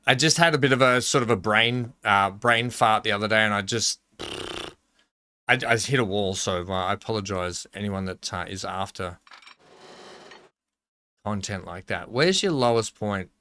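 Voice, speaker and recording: A man's voice: on the low side, normal speed, pauses often, bright, forceful tone, slight background noise. A man live-streaming a game, thinking aloud in a rambling, casual way and chatting with his viewers. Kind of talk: casual live-stream chat while gaming.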